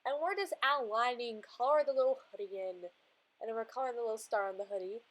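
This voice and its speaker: A woman with a fairly high voice talks through her coloring and drawing as she goes. Her narration is casual and chatty, and it rambles with frequent restarts. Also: quick pace. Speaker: art channel creator.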